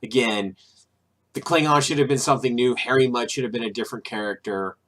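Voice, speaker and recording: A man talking straight to the camera in a loose, rambling way, stopping and restarting his sentences. His voice has a bright, forward edge and sits at an ordinary middle pitch. He drops in sarcastic, irritated asides as he goes. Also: brisk. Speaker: video host. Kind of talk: casual opinion monologue.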